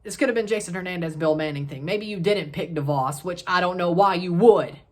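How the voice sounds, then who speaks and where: A woman's voice: on the low side, brisk, a little mellow. A woman hosting a solo soccer match review, ranting in a heated, exasperated way and swearing casually.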